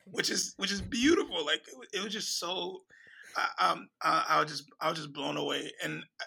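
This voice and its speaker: A man's voice: fairly high pitch, brisk, creaky, bright, forceful tone, slightly rough, poor audio. A man in casual chat, enthusiastic and repeating words as he talks.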